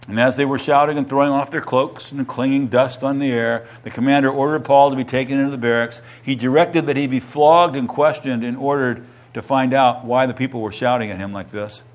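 Middle-aged guy preaching, reads the bible passage then gets loud and lively retelling it. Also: a little fast, few pauses. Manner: animated, rising in pitch and volume when retelling a quoted testimony. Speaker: pastor. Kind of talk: sermon with scripture reading.

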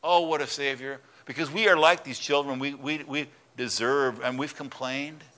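A man's voice: medium pitch, steady tone, moderate pace, bright, forceful tone. A man preaching a sermon as a pastor, telling a story and acting out its voices.

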